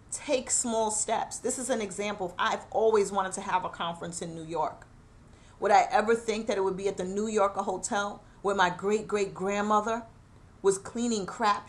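Earnest woman host, close to tears. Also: mid-range voice. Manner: emotional, fighting back tears; earnest and encouraging. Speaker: show host. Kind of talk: personal motivational talk.

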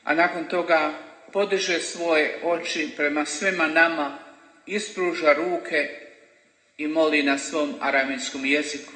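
A man speaking to a congregation in short phrases, pausing for an interpreter to translate each one. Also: fairly high pitch, steady tone, bright, forceful tone. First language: Croatian. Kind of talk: talk in church, paused for interpreting. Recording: echoey hall, voice roomy.

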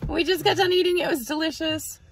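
A woman's voice: extremely high pitch, fairly even intonation, a little fast. A middle-aged woman, chatting casually with lots of fillers as she shows off her thrift finds on a phone camera. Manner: chatty, giggly, with many fillers. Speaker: vlogger showing reseller finds. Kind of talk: casual chat. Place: car and stores, on the go. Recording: phone video with clear background noise.

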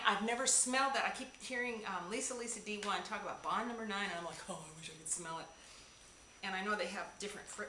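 A woman's voice: a little high, fast, pushed and bright. A woman vlogger gushing over a box of gifts, gasping and exclaiming with delight as she unwraps each item. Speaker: beauty vlogger. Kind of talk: excited unboxing chat. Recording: echoey room with clear background noise.

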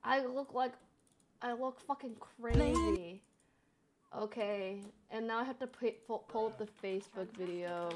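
A woman in her twenties, streaming and chatting casually as she reacts, given to loud embarrassed exclamations. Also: a little high, measured pace, a little hiss or hum. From United States. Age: 20s. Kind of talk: casual chat reacting to old videos.

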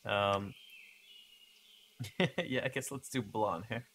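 A man's voice: fairly low pitch, fairly even intonation, slow, a bit bright. A man giving casual gameplay commentary and reading game text aloud with chatty asides. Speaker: gaming video creator.

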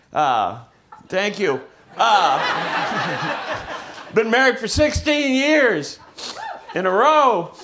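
A man performing a loud, profane stand-up comedy set, laughing as he tells his stories on a club stage. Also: very high-pitched. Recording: live club recording with crowd noise.

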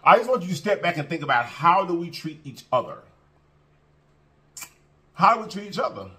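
Lively, bright-voiced man preaching to viewers. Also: on the high side, moderate pace. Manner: emphatic and repetitive, preachy, drawling fillers. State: full after a meal. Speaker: mukbang vlogger. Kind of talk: casual heart-to-heart talk to viewers.

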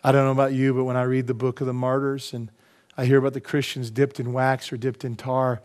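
A man's voice: medium pitch, completely flat delivery, brisk, a little mellow. Impassioned middle-aged male pastor preaching. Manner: impassioned preaching with rhetorical questions to the congregation. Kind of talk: sermon.

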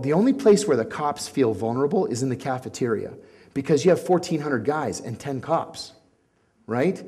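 Middle-aged guy spinning stories to a crowd, voice jumps all over, acts out the quotes. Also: mid-range voice. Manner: animated storyteller acting out quotes. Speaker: speaker at a community talk. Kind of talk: storytelling talk.

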